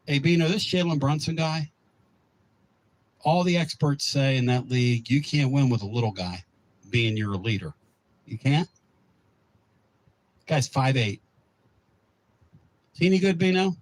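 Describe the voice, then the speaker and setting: A man's voice: medium pitch, unhurried, long pauses, low-quality recording. A male sports talk radio host who talks in a blunt, emphatic, folksy way.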